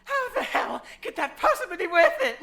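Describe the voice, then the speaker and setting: A woman's voice: very high-pitched, very animated, moderate pace, creaky, bright, forceful tone, heavily acted. A woman voicing an anxious, exasperated student in a fan audio drama. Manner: exasperated, raises voice in disbelief.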